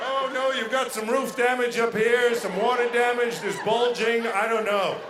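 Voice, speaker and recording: Fussy girlfriend with a roofer's spiel, played by a male comic; loud, high, roomy live sound. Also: fairly even intonation. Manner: loud, drawn-out, mock-professional. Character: fussy girlfriend talking like a roof contractor. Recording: roomy live venue with faint noise.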